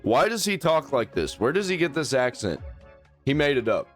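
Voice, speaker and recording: A man giving casual reaction commentary with a lively, swinging pitch. He is blunt and profane, with faint music behind him. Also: normal speed.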